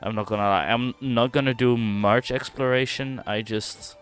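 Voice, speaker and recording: A man's voice: medium pitch, steady tone, fairly bright tone, soft background music. A man streaming a game, thinking aloud and reacting casually as he explores. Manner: thinking aloud, quick reactions, reads dialogue. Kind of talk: casual gameplay commentary.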